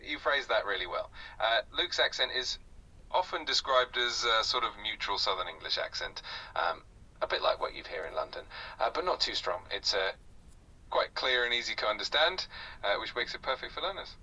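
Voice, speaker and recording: A man's voice: mid-range voice, lively intonation, moderate pace, bright, forceful tone, breathy edge, recorded from a distance, poor audio. A synthetic male conversation partner tutoring a learner in a polite, encouraging way, scattered with "uh" fillers. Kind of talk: patient tutoring chat.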